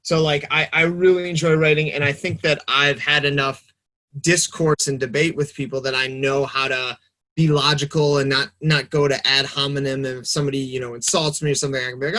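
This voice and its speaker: A young man talking casually on a podcast, animated and rambling, swearing freely. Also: medium pitch, a little fast. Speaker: podcast guest. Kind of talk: casual chat.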